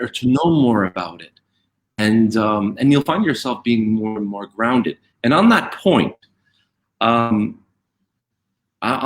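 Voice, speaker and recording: A man co-hosting a live online talk, heard through a video call. His voice has a middle pitch, and he explains things in a reflective, coaching manner, pausing to check that listeners follow. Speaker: co-host.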